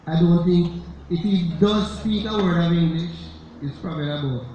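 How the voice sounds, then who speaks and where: Jamaican man, lay preacher, emphatic sermon with rhetorical questions, slightly high voice, very echoey church, dull sound. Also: normal speed, mellow, a little hiss or hum. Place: church sanctuary.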